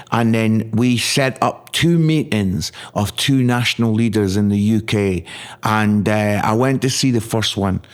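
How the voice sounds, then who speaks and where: A middle-aged man from Scotland, an evangelist guest telling his story earnestly and with feeling, often repeating words as he is moved. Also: mid-range voice. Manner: earnest, emotional, repeats words when stirred. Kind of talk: storytelling in a podcast interview.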